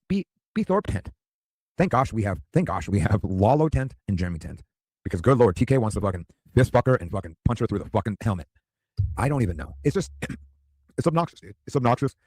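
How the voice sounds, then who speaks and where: Streamer man in his 50s, profane rambling rant, husky, fast and swooping. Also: fairly low pitch, very animated, a little mellow, dry recording. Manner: profane, rambling, repeats "dude". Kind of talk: crude ranting monologue.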